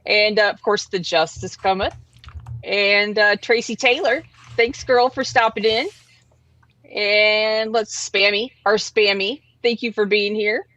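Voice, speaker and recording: A woman's voice: mid-range voice, steady tone, a little slow, fairly bright tone, dry recording. A woman hosts a casual livestream show. She is chatty, laughs easily and fills her talk with ums and uhs. The sound is dry and a bit dull, like a lo-fi home setup. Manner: chatty, laughing often, many fillers. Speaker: host.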